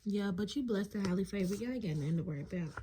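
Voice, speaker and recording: A woman's voice: medium pitch, racing. A woman gives a casual collective tarot reading to her viewers. She talks bluntly, swears often and calls them "y'all". A faint hiss sits under her voice. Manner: blunt, profane and animated, addressing viewers as y'all. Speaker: tarot reader.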